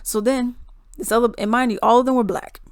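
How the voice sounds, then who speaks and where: A woman vlogger telling a story in a casual, animated, exclamatory way. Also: fairly high pitch, brisk, smooth, no echo, clean studio sound.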